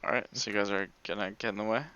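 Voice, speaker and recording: A man's voice: fairly low pitch, steady tone, racing, sharp tone, clear, resonant tone, dull audio. A man running a tabletop game as game master, narrating casually with many fillers.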